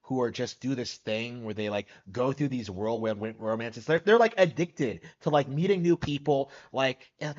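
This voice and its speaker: A man's voice: medium pitch, moderate pace, hardly any pauses, dull audio. A man reacting on a live stream, skeptical and incredulous, rambling with lots of fillers.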